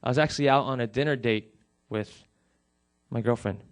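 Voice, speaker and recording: A man's voice: mid-range voice, fairly quick. A middle-aged male pastor delivers a sermon in a mid-range voice. He tells a personal story, then pleads earnestly with his congregation.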